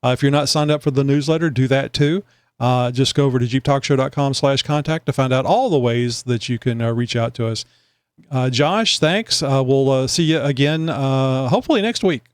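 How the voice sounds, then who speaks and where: A man's voice: medium pitch, fairly quick, clean tone, dry recording. A man hosting a podcast, chatting casually in a rambling way with many fillers. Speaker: podcast host. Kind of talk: casual chat.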